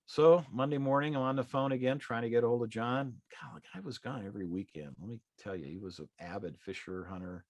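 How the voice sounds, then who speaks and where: A middle-aged instructor preparing students for the real estate exam tells a conversational, folksy story in a live class, voicing the dialogue as he goes. His medium-pitched delivery is a little fast with few pauses, and there's no echo.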